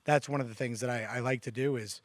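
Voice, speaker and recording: A man chatting casually on a church talk show, telling stories with animated quoted lines. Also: fast talker, no echo. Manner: animated storyteller, quotes others with raised pitch. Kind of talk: casual conversation.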